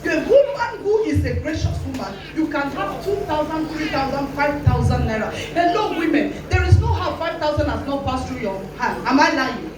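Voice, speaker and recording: A woman's voice: high-pitched, noisy background. A woman pastor with a Nigerian English accent preaching a sermon, challenging her listeners directly and acting out quoted voices. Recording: very echoey hall with faint music, voice from a distance.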